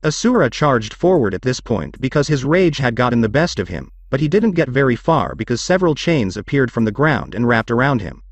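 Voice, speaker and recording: A man narrating a scripted story in a steady storytelling read. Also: medium pitch, fairly quick, hardly any pauses, no room sound.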